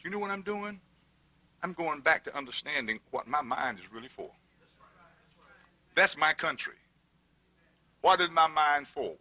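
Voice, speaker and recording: A middle-aged pastor preaching a sermon, building from quiet reading to shouted, humorous emphasis. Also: male voice, a little high.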